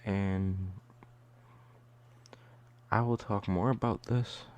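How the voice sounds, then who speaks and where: A man's voice: fairly low pitch, fairly even intonation, drawn-out words, a little hiss or hum. A young man telling a casual storytime vlog in a loose, chatty way, leaning heavily on "like". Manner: loose, chatty, heavy use of "like". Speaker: vlogger.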